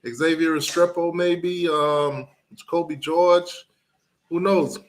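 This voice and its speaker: A man hosting a casual sports talk live stream, relaxed and musing, with lots of ums as he reads out picks from the chat. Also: fairly high pitch, takes it slowly.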